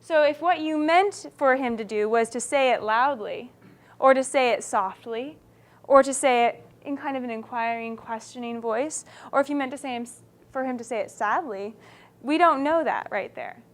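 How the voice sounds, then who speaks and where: A woman with a high voice teaches a writing class. She explains each rule step by step and keeps stopping to check that her students follow. Her delivery is animated and encouraging. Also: normal speed. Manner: animated, checks understanding often.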